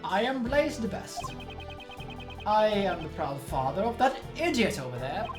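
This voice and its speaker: A woman's voice: medium pitch, big pitch swings, a little slow, pitched below the performer's own voice. A woman voicing a jovial older police chairman who dotes on his son, speaking in a folksy grandfatherly way. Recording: echoey room with music behind.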